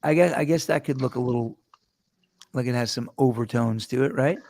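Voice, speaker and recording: A man hosting a casual chat show, telling rambling stories with quick laughs and restarts. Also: medium pitch, vocal fry, a little mellow. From New York. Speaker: host.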